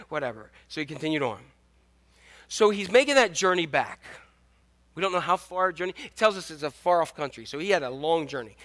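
High-voiced, bright fifty-year-old pastor. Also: male voice, expressive, a little fast. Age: 50s. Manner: conversational, jokey, many restarts. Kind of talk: sermon.

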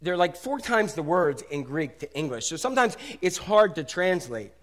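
A middle-aged pastor preaches in a casual, animated style, swinging between loud exclamations and soft asides. His pitch is fairly high and his pace moderate.

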